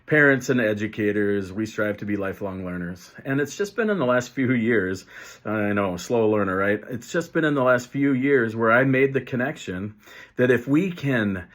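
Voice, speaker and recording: A man's voice: mid-range voice, lively intonation, moderate pace. A man in his fifties, an educator teaching parents and teachers in a conversational way, acting out sample lines as he goes. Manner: conversational, explains with acted example lines. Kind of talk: teaching video to camera.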